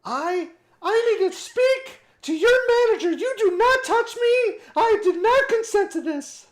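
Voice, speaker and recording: A woman's voice: very high voice, expressive, a little slow. A woman playing a haughty, demanding living toy that talks indignantly and imperiously in a tabletop game.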